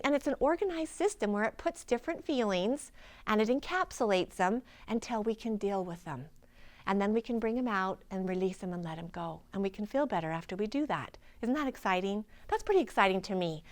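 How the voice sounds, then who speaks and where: A woman's voice: medium pitch, expressive, brisk. A woman in her forties, a healing practitioner, giving an earnest, inspirational personal testimony.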